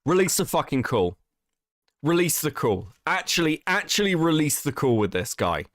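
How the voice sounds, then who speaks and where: Exasperated man ranting, lively pitch. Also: moderate pace, no room sound, studio quality. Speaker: stream host. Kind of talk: heated livestream commentary.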